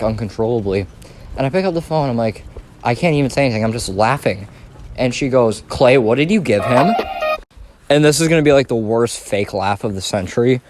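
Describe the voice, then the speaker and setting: A man's voice: lowish voice, darkish tone. A young man telling a rambling, profane story in a casual vlog. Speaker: storytime vlogger.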